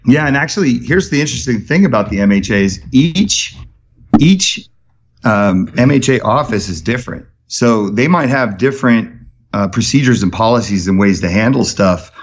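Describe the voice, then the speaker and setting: A man guesting on a podcast, telling stories in an energetic, animated way. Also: medium pitch, muffled recording. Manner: energetic storyteller, rapid and animated. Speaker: podcast guest, charity founder. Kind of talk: casual podcast conversation.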